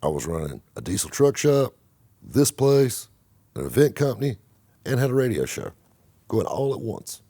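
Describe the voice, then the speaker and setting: A man hosting his own channel, giving blunt, animated motivational talk to the camera and swearing freely. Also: mid-range voice, moderate pace, no room sound. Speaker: car vlogger and host.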